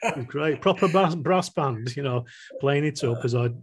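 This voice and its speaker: A man's voice: a little high, normal speed. A middle-aged man co-hosting a podcast in casual chat, with dry humour and stumbling restarts.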